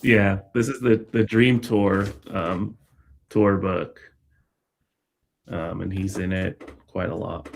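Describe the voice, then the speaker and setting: Slow, gravelly, low-voiced man. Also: steady tone, a little hiss or hum. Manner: halting, full of fillers and restarts. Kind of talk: casual chat.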